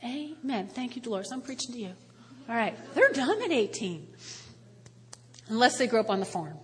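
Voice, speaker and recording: A high-voiced woman in her fifties delivers a sermon with lively, joking storytelling. Her tone is bright and ringing, and a long reverb from the church hall trails behind every phrase. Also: normal speed. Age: 50s. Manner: animated storytelling with playful voices. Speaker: pastor.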